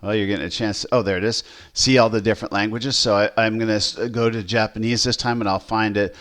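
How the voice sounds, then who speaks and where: A man who pastors, casually walking through a software demo, rambling with fillers and restarts. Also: fairly low pitch, steady tone, fast talker.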